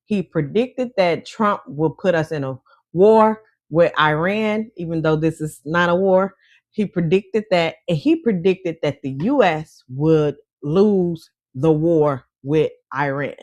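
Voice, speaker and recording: A woman's voice: low voice, takes it slowly, darkish tone, no echo, highs cut off. A woman vlog host with a Chicago accent and Mississippi roots, chatting casually and folksily to her viewers.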